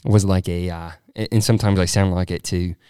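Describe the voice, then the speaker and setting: A man's voice: sits low, steady tone, brisk, mellow, clear, resonant tone, dry recording, studio quality. A young man from Arizona in a casual chat, laughing often and slipping into playful accent impressions. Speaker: guest chatting about accents.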